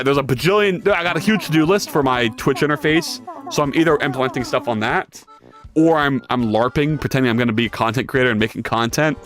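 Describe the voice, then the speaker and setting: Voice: medium pitch, a bit bright. A streamer and game developer chatting casually during a live 3D modeling session, joking and reading chat messages aloud, often restarting sentences. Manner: chatty, jokey, reads chat aloud and answers it; rambling with frequent restarts and repeated words.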